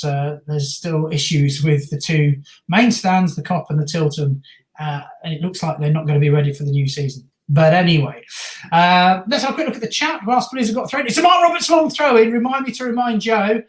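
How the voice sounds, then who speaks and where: A man's voice: on the high side, moderate pace. A man with a Birmingham accent co-hosting a casual football watch-along stream, chatting and reading viewer messages aloud. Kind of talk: casual live-stream chat. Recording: roomy echo.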